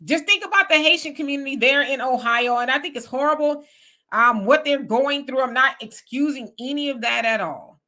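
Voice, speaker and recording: Bright-voiced woman hosting a live chat. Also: sits high, fairly quick. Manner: animated, talks back to the comments. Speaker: live stream host. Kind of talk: casual live chat reading viewer comments.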